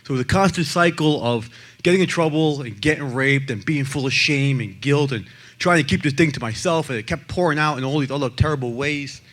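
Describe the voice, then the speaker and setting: Guy telling his own story, blunt and emphatic, goes loud then drops way down, average pitch. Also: brisk. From the Bronx, New York. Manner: blunt and emphatic, swinging between loud and hushed. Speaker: abuse survivor and advocate speaker. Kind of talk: personal testimony.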